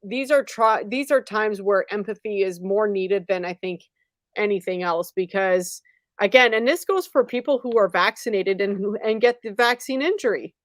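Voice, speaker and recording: A woman's voice: medium pitch, moderate pace, dry recording. A woman hosting a talk show, chatty and opinionated. Her phrasing is loose and conversational. The room sound is dry and close. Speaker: host.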